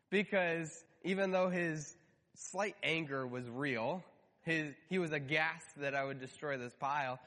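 A man's voice: on the high side, bright, forceful tone, long reverb tail. A man in his thirties, a pastor, praying and then preaching with an earnest, story-telling manner and light humor. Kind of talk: prayer and sermon.

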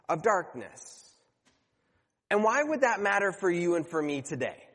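High-voiced man preaching in a reverberant hall. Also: very animated, unhurried, fairly bright tone. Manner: earnest, conversational with self-corrections. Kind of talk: sermon.

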